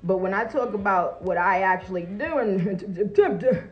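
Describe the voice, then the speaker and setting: Profane, animated woman ranting on a live stream. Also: medium pitch, normal speed, muffled recording, soft background music. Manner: profane, animated, laughing, shouting at peaks. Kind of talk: casual live-stream rant.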